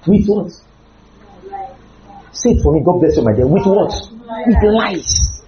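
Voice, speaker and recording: A man preaching a humorous, animated sermon with sudden loud outbursts. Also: sits high, measured pace, reverberant, highs cut off, crowd noise.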